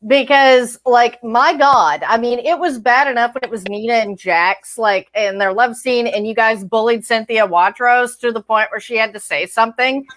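A woman's voice: a little high, moderate pace, few pauses, fairly bright tone. A woman co-hosting a fan podcast, delivering a heated, sarcastic, profane rant. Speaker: podcast co-host. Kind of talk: ranting fan podcast chat.

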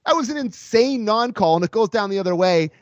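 A man's voice: high voice, animated, a little fast, no room sound, clean studio sound. A man co-hosting a sports podcast, talking in an emphatic, sarcastic, exasperated way in casual chat.

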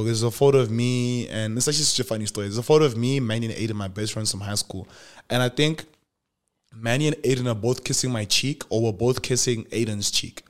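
A young South African man tells a personal story on his podcast in a loose, slangy way. His voice sits at a middle pitch. He jumps into other people's lines as he acts out the scenes. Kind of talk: casual storytelling.

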